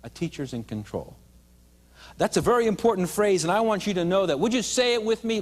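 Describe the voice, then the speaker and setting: A man's voice: high-pitched, sing-song, a little fast. A man training teachers in a live seminar, playful and drawing the adult audience into call-and-response. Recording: long hall reverb.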